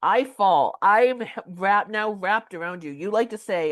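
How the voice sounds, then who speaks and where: A woman's voice: mid-range voice, a little slow. Podcast lady telling a wild story, chatty, says like a lot. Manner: animated, lots of "like" fillers, acts out quotes. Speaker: podcast host. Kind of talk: casual storytelling chat.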